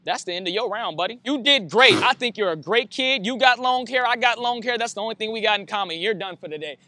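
A man hosting a reaction video, exclaiming loudly and teasing the performers in casual commentary. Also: sits high, animated, fast talker, no echo.

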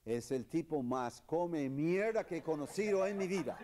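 A man doing stand-up as a mock language lesson, with deadpan teacherly drills and slow, exaggerated pronunciation. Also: on the high side. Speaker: comedian. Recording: noisy live comedy recording.

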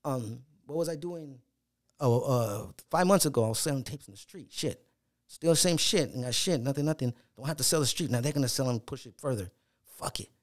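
A man's voice: medium pitch, fairly quick. A middle-aged man telling a story from his hard early days in music, acting out old phone calls and cursing freely. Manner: animated storyteller, acts out phone calls, swears a lot. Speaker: rapper guest. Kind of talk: casual storytelling chat.

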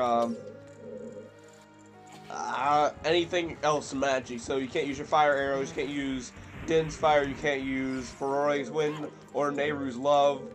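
A young man giving casual commentary while playing a video game. He jokes, rambles with fillers, and breaks into loud yelps and screams at scares. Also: fairly high pitch. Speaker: let's play commentator. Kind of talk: gameplay commentary.

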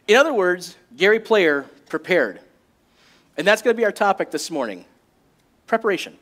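A man preaching a sermon as a pastor, in a jokey and animated way. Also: high-pitched, normal speed, long pauses.

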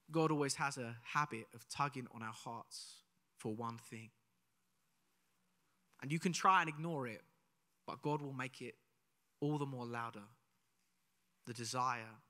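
A man's voice: medium pitch, sharp tone. A young man from England, preaching a live sermon, telling a personal story in a chatty way and asking the audience questions. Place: church hall, live service. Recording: live in a reverberant church hall.

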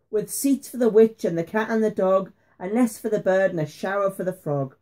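Dad reading a rhyming bedtime book, mellow voice, slows down for the scary bits. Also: male voice, high-pitched. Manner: rhythmic, dramatic pauses, slows for suspense. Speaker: father reading to his son.

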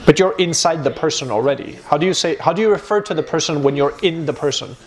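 A man teaching a university computer science class, talking lively and joking with his students. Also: a little high, fast talker. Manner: lively, switches between English and Armenian, jokes with students. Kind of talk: live classroom lecture. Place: university lecture hall. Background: students in the room.

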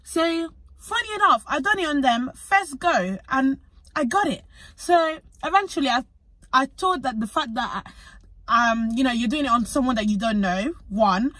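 Chatty young British woman, bright voice. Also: high voice, moderate pace, no echo. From United Kingdom. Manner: chatty and animated, acts out conversations. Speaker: physician associate student. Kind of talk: casual storytelling vlog.

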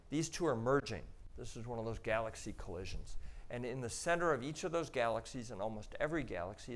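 An astronaut giving a public talk walks the audience through slide pictures one at a time, his pitch in an ordinary male middle range. He is casual and chatty, explaining step by step with small asides and frequent "um" and "you know."

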